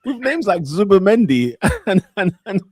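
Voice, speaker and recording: A man, co-hosting a casual football podcast with animated slang banter. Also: sits high, normal speed, slightly rough, no echo. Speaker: podcast co-host.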